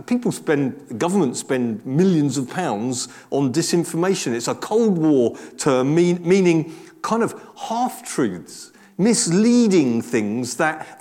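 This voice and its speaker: A man's voice: a little high, a little mellow. A man preaching a conversational sermon, chatty and self-deprecating with frequent restarts and asides.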